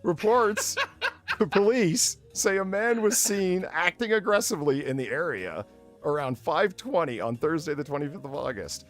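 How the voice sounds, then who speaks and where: A man's voice: on the high side, expressive, moderate pace, fairly bright tone, soft background music. A man co-hosting a comedy podcast, reading odd local news in a mock-formal way, stumbling over words and laughing. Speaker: podcast co-host.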